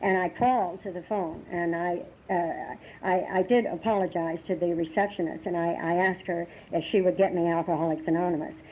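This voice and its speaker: An older American woman sharing her recovery story at a meeting, halting and emotional, with many restarts, on a dull lo-fi tape from the 1980s. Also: lowish voice, steady tone, darkish tone, a little hiss or hum. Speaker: AA meeting speaker. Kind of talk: personal recovery talk.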